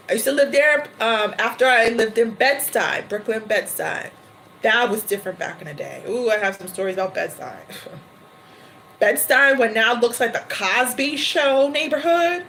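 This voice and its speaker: A woman hosting a livestream, chatting casually and laughing often between quick asides. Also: a little high, lively intonation, fairly bright tone, a little hiss or hum, rough recording. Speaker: tarot reader livestream host.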